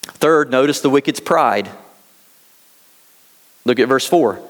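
American guy preaching, mid-pitched voice, lots of hall reverb trailing off. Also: takes it slowly. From United States. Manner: earnest storytelling, reads scripture aloud. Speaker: pastor. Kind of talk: sermon.

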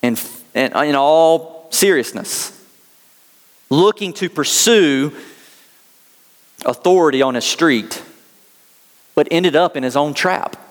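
A man's voice: a little high, expressive, slow, pauses often, big-room sound. An American man preaching a sermon as pastor, telling a story in earnest and reading scripture aloud. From United States.

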